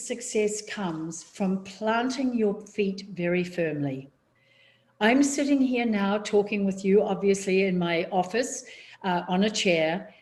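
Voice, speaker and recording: A New Zealand woman coaching public speaking over a video call from her office. Her delivery is measured and emphatic, with deliberate pauses between points, pitched in an everyday middle range. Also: a little mellow. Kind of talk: online workshop talk. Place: home office, seated on a chair.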